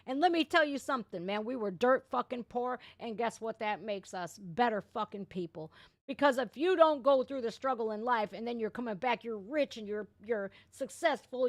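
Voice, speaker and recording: A woman's voice: mid-range voice, no echo. A woman from Ohio hosting a live reaction stream, ranting bluntly and swearing freely between laughs. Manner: blunt, profane, quick to laugh. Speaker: livestream reaction host. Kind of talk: casual livestream rant.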